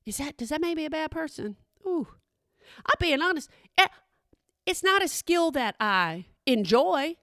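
A woman's voice: high voice, very animated, measured pace, fairly bright tone, no room sound, studio quality. A middle-aged woman and mother, chatting in a sassy, emphatic monologue straight to her listeners. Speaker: parent monologue host. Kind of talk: casual chat monologue.

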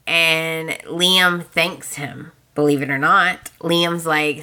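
A woman hosting a podcast, casually retelling soap opera scenes in an animated way and acting out the characters' lines. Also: deep voice, takes it slowly, few pauses. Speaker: podcast host.

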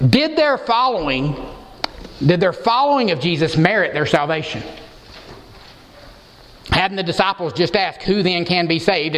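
A man preaching an expository sermon as pastor, emphatic and posing rhetorical questions to the congregation. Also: a little high. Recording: long hall reverb.

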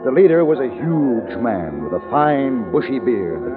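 A man's voice: medium pitch, sing-song, unhurried, narrow, tinny audio. Wistful old-radio narrator man. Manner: wistful, remembering storytelling. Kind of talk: reflective radio-drama narration. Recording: old radio broadcast with music score.

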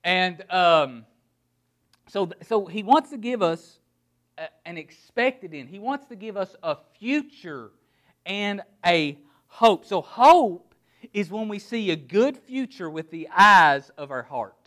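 A man preaching a sermon in a noticeably high voice. He stresses words one by one and poses rhetorical questions, then drops quiet and low to land his key points. He sounds middle-aged. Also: animated, slow. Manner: emphatic preaching, word-by-word emphasis, rhetorical questions. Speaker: pastor.

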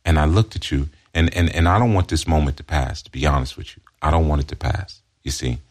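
A man with a very deep voice voicing a smooth-talking male predator who flatters and coaxes a runaway. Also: fast talker. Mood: coaxing. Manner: coaxing, flattering, persuasive.

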